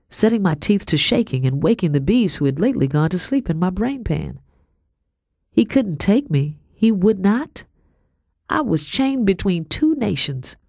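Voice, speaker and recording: A woman narrating a first-person audiobook in a measured, steady storytelling voice. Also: low-pitched, dry recording, clean studio sound.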